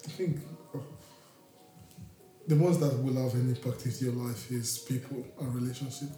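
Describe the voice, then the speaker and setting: Mellow reflective man, echoey room. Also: mid-range voice, steady tone, normal speed. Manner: reflective, philosophical, searching for words. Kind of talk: casual chat. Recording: echoey room with faint music.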